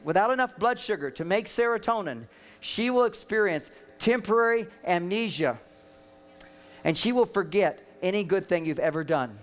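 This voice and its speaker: High-voiced man giving a joking seminar talk. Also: normal speed. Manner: joking, animated storytelling with acted quotes. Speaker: relationship speaker and counselor. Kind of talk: humorous seminar talk to a live audience.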